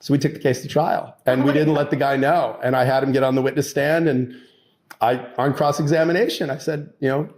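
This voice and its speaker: A man, a lawyer, telling a story in a casual, animated way and acting out the quotes. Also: a little fast. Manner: animated storyteller, acts out quotes with raised pitch. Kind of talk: casual anecdote.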